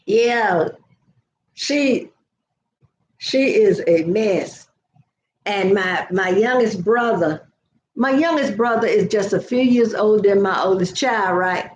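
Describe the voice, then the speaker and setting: A woman's voice: mid-range voice, slow pace, pauses often, reverberant, slight background noise, low-quality recording. An older woman telling stories to viewers in a chatty live video, laughing often. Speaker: vlogger. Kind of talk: casual live chat.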